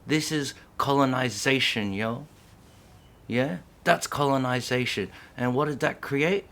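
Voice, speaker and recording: A middle-aged vlogger talks to the camera in an unscripted monologue, his medium-pitched, fairly bright voice unhurried even as he gets heated. His speech is profane and packed with slang, and he keeps checking in with "yeah?".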